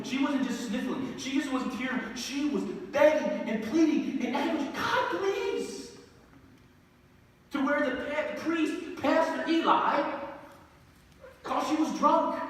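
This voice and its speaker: A middle-aged man preaching a sermon as pastor, earnest and building from quiet words to emphatic outbursts. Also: very high-pitched. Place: church sanctuary. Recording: echoey hall, distant mic.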